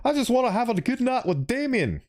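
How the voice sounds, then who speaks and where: A man doing a falsetto fake-sweet girl. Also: big pitch swings, brisk, darkish tone. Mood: saccharine.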